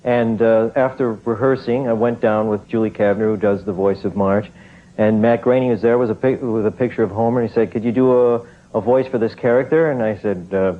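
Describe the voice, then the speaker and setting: A man's voice: fairly low pitch, fairly quick. A man, a voice actor, relaxing into an interview anecdote and briefly slipping into character voices. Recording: tinny phone-like sound.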